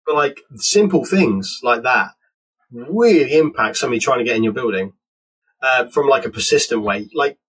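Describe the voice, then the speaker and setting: A man, a penetration tester telling work stories in a casual interview, animated and acting out the dialogue. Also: mid-range voice, moderate pace, husky, poor audio. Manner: animated, acts out dialogue in quotes, laughs.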